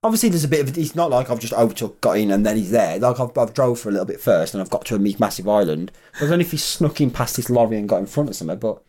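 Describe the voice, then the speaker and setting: A man's voice: on the low side, racing, hardly any pauses. A young man co-hosting a podcast, telling stories in casual chat and swearing freely. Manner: animated, swearing storyteller. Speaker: podcast co-host.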